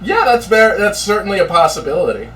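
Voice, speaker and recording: Deadpan man, a little off-mic. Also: sits high, brisk. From United States. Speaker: podcast co-host. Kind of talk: casual chat. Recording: slightly distant mic with faint background noise.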